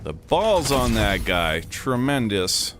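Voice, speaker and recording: A man's voice: on the low side, very animated, slow pace, a bit bright, a little hiss or hum. A man telling a loose, profane story in a casual vlog, full of "like" and "dude", sitting inside a vehicle. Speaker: vlogger. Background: music playing.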